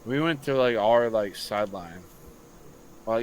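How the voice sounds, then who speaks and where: A young man, a high school football coach, telling a long story on a casual late-night podcast, swearing freely and acting out what others said. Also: unhurried, a little hiss or hum. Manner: profane, animated storytelling.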